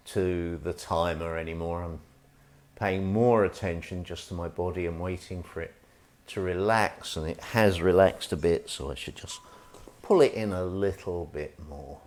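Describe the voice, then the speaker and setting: A man leading an online tai chi stretching class, calm and gentle with wry asides. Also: low voice, a little slow. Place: indoors at home, live stream.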